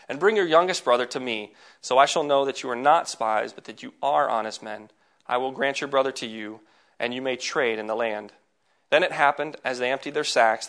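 A man reading scripture aloud in a measured, plain way, now and then adding a brief aside. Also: mid-range voice, a bit bright. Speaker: scripture reader.

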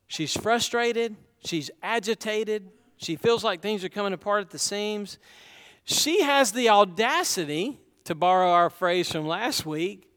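Middle-aged man, unhurried sermon, high smooth voice. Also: a bit bright, in a large hall. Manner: conversational preaching, rhetorical questions to the congregation. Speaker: pastor.

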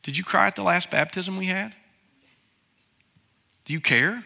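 This pastor's voice sits high and comes out pushed and bright, with some vocal fry and a long reverb tail, and he takes his time. Delivering a sermon, he chats with the congregation by asking them plain questions.

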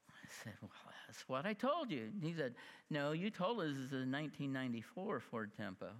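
A man in his fifties preaching a sermon, telling a personal story in an animated way, acting out the voices of the people in it and laughing at himself. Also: fairly high pitch, brisk. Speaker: pastor. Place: church sanctuary. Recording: long hall reverb.

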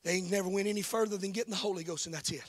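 A man preaching a sermon, swinging from hushed, whispered lines to loud, sing-song shouting, calling out to members of the congregation. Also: sits high, very fast. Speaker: pastor.

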